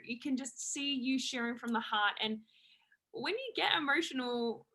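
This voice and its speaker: A woman hosts a webinar over a video call, her voice high and bright with a sharp edge. She talks in a chatty, encouraging way, full of "like" and "um". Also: moderate pace. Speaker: webinar host. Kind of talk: casual hosting on a video call.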